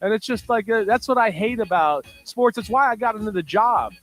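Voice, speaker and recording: A man on sports radio, excitable and ranting with restarts. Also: sits high, fairly quick, soft background music, rough recording. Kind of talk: casual sports radio banter.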